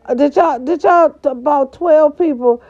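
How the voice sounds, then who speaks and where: A woman's voice: high voice, moderate pace, a little mellow. A woman hosting a casual gossip podcast, chatty and emphatic, talking straight to her listeners. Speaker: podcast host. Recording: slightly dull audio with faint music.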